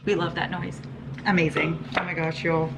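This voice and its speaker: Gushing young woman, slightly low voice. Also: moderate pace, heavy background noise. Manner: gushing, animated, swears freely. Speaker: book vlogger. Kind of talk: casual chat. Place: at home, lying down. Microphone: phone held in one hand.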